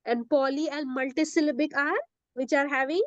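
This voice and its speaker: This classroom lesson features a teacher whose high voice is brisk and fairly even in intonation; there's no room sound and the highs are cut off. She teaches English grammar patiently and repetitively, repeating words, checking understanding with frequent "okay?"s, and switching into Hindi.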